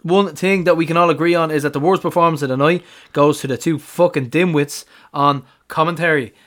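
A man in a loose podcast chat, outspoken and salty. His voice sits a touch high for a man. He talks bluntly and laughs easily. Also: fairly even intonation, a little fast, a bit bright. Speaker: podcast co-host. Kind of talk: casual sports chat.

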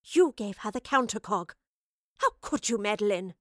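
A woman's voice: mid-range voice, lively intonation, moderate pace, a bit bright, dry recording, clean studio sound. A woman voicing a clever, earnest female professor who questions others. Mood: tense.

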